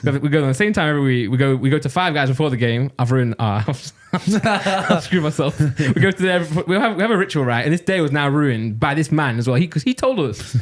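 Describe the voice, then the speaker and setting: A man's voice: a little high, expressive, a little fast, few pauses. A young man with a Nottingham accent, telling a rambling story on a casual podcast and laughing his way through it. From Nottingham, England. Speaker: podcast co-host.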